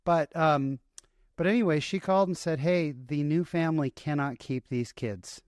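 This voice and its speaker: A man's voice: on the high side, normal speed, a little mellow, no echo, clean studio sound. A middle-aged man, a guest in an interview, telling a personal story in an earnest, emotional way with many restarts.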